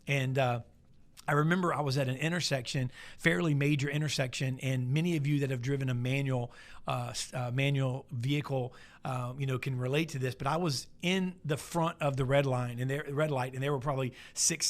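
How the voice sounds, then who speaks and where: A man's voice: on the high side, fairly bright tone. Folksy motivational speaker, man in his forties. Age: 40s. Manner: folksy, repeats key lines slowly for emphasis. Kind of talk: motivational talk.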